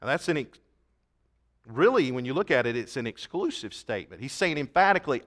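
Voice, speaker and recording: A man's voice: fairly high pitch, big pitch swings, a little fast, a bit bright. A man preaching a sermon, telling stories and building to emphatic declarations. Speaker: pastor.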